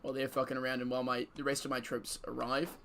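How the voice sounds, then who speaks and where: A man's voice: medium pitch, completely flat delivery, quick pace, creaky, a bit bright. A man giving casual gameplay commentary, joking and swearing and reading game events aloud. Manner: casual, profane, joking banter with frequent laughter. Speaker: streamer.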